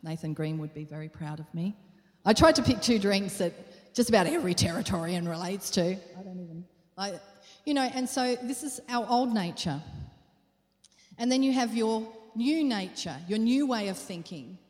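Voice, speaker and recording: A woman's voice: medium pitch, animated, normal speed. Earnest woman preaching in reverberant hall. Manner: earnest, questioning, repeats phrases for emphasis. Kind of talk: sermon. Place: church hall.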